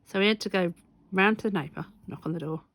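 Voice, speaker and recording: A woman with a slightly low voice tells a long, rambling story in a chatty vlog. She sounds amused and often backtracks to correct herself. The sound is dry and close, with little room echo. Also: fast talker, fairly bright tone. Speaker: stitching vlogger. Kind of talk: casual anecdotal storytelling.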